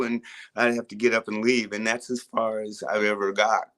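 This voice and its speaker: Low-voiced older man telling stories. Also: level tone, normal speed, smooth. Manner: laid-back, rambling storyteller with frequent restarts. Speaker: rock musician guest. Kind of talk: casual interview chat.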